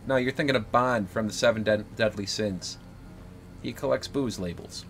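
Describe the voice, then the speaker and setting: A man's voice: on the low side, normal speed, faint music behind. A man live-streaming a video game, talking through his play in an exasperated, jokey way.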